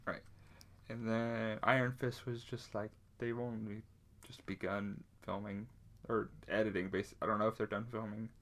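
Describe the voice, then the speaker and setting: A man's voice: lowish voice, flat delivery, moderate pace, a bit bright. A man co-hosting a casual podcast chat, rambling with plenty of fillers and restarts. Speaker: podcast co-host.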